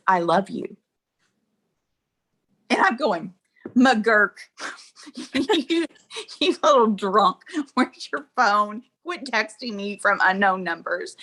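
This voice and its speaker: A woman's voice: medium pitch, a bit bright. A middle-aged woman, an interview guest, telling a personal story in a chatty way, laughing often and acting out what people said. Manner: chatty, laughs often, acts out quoted dialogue.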